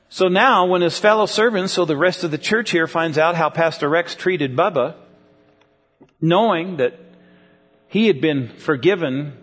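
High-voiced male pastor preaching. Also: a bit bright, long reverb tail. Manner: conversational, asks the congregation questions. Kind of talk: sermon. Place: church with congregation.

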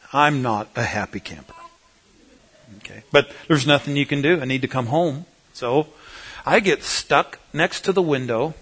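A man preaching a humorous sermon, telling a folksy, animated story that swings between loud and soft. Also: mid-range voice.

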